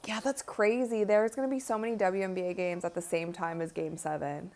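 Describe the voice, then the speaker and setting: A woman's voice: fairly low pitch, steady tone, fairly quick, a little mellow. Chatty young woman, tired and yawning. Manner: chatty, frequent "like" and "honestly". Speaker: livestream host. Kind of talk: casual live watch-party commentary.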